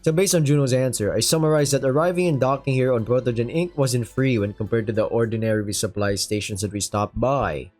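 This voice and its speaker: A man's voice: mid-range voice, fairly quick, few pauses, a little mellow, soft background music. A man reading a sci-fi story aloud and breaking off into joking, casual asides. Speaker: story reader and commentator.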